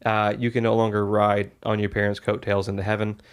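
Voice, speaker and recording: A man with a somewhat low voice co-hosts a casual comedy podcast. He leads the chat as storyteller, rambling and joking, and pads his sentences with "uh" and "um.". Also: monotone, brisk, clear, resonant tone. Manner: rambling storyteller, jokey, many "uh" fillers. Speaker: podcast co-host telling the episode's story.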